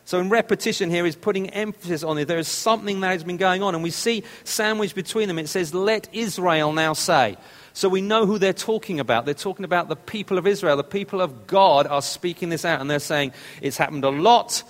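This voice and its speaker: A man's voice: high-pitched, quick pace, hardly any pauses, big-room sound. A man preaching a sermon, explaining a text step by step and repeating phrases for emphasis.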